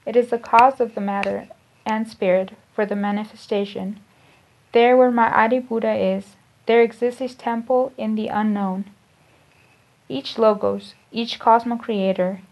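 A woman giving a spiritual lecture, reading esoteric teachings aloud in a measured, deliberate way, often restarting and repeating phrases. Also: medium pitch, flat delivery, creaky, a little mellow. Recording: dull lo-fi recording.

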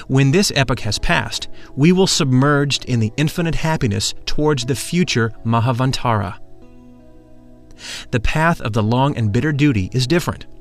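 A man narrating a script in a measured, solemn voice, at an ordinary mid pitch. Faint music plays quietly behind him.

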